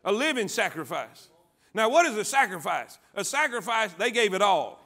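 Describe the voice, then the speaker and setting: A man preaching a sermon as pastor, calling on the congregation to answer back and swinging from quiet, low lines to loud ones. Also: very animated, moderate pace. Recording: church sanctuary.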